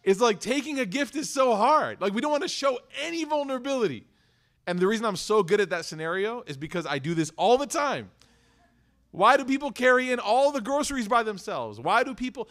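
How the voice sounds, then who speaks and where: A man's voice: high-pitched, expressive, brisk, a bit bright. A young man teaching a religious lesson in a casual, conversational way, acting out little dialogues as he tells stories. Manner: conversational, acts out dialogues in storytelling. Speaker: Islamic teacher. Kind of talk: religious talk.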